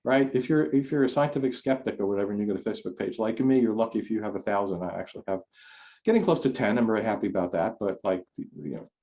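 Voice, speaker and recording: Speaking fast in a lowish, dark-toned voice, a man gives a conversational talk on a video call for an online forum. He rambles a lot and keeps restarting sentences.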